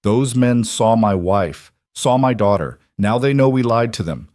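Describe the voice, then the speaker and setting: A man's voice: mid-range voice, lively intonation, measured pace, a little mellow, dry recording, studio quality, lightly acted. A man voicing Wade, a hard, protective frontier rancher father who talks curtly in an audiobook story. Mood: stern. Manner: curt and stern.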